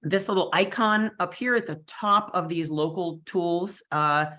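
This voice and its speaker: A woman's voice: fairly low pitch, unhurried, a bit bright. Chatty woman teaching photo editing. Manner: chatty, explanatory, with fillers and asides. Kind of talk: screen-share software tutorial.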